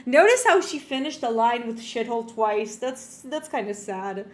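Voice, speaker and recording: A young adult woman streamer giving live let's play commentary, rambling and animated with lots of fillers and restarts. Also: a little high, moderate pace, few pauses.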